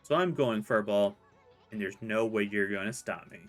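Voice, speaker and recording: A man voicing a tiny, excitable male sprite companion in a squeaky, gleeful voice. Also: normal speed, faint music behind, close to an everyday voice. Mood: cocky.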